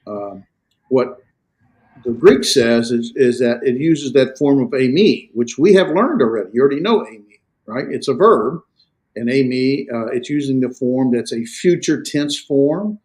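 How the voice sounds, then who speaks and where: A man teaching a Greek class, explaining grammar in a halting lecture with many fillers and restarts. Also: medium pitch, animated, darkish tone. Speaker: Greek instructor.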